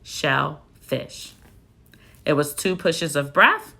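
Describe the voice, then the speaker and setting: Slow, deliberate woman teacher. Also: low-pitched, animated, vocal fry, bright, forceful tone. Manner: slow and deliberate, spelling out letters. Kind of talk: phonics spelling lesson. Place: classroom.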